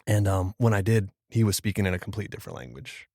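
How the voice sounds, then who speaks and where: A man's voice: lowish voice, lively intonation, quick pace, darkish tone, dry recording, clean studio sound. A man from Florida, a pastor, telling a personal story as a podcast guest in a casual, slangy way, acting out what people said. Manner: casual, slangy storyteller who acts out quoted speech.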